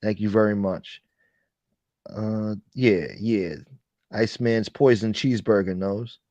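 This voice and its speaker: A man's voice: on the low side, steady tone, slow, darkish tone, no echo, muffled recording. A man hosting a casual livestream chat, ranting with profanity and thanking viewers for donations. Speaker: livestream host.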